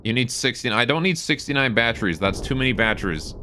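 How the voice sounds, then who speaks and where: A man's voice: mid-range voice, animated, fast, pushed and bright, a little hiss or hum. A man live-streaming a game, thinking aloud about his build and answering his chat.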